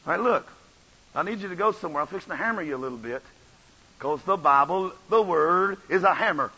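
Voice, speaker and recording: A man preaching a revival sermon, swinging from soft asides to shouted runs. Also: high voice, lively intonation, brisk, breathy edge, dull audio. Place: church.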